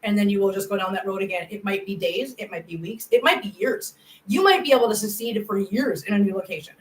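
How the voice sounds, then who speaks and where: Speaking fast in a mid-range voice over a low-quality recording, this middle-aged cat channel host chats casually with her livestream viewers and reads their comments. She's earnest and effusive, turning emotional as she praises them.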